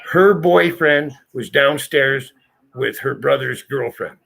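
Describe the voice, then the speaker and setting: Here a channel host spins a casual story for his friends at a slow pace, his mid-range voice creaky, a bit bright, and slightly rough. The delivery is blunt and emphatic, laced with swearing.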